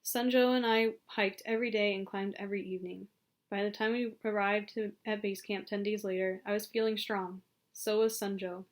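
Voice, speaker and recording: A woman reading an audiobook aloud in a calm, even storytelling manner. Her voice sits at a middle pitch for a woman. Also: normal speed. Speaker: audiobook reader. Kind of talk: audiobook narration.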